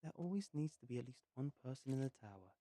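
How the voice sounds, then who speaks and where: A man reading a first-person story aloud in an unhurried way with pauses, sometimes muttering asides to himself while he plays a game. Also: medium pitch, lively intonation, mellow. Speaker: narrator.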